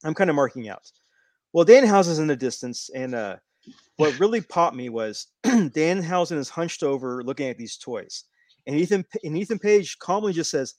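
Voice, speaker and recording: On a casual wrestling podcast, a male co-host tells a long, rambling story full of restarts. His voice sits on the high side with a darkish tone, lively intonation and normal speed, and the recording is dry with clean studio sound.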